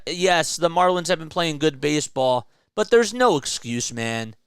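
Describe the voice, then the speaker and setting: A man's voice: medium pitch, fairly bright tone, clear, resonant tone, dry recording, clean studio sound. A man hosting a solo sports show, ranting with frustration and emphasis about his team's losses and speaking directly to the manager. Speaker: sports commentary host. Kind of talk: solo fan rant about baseball.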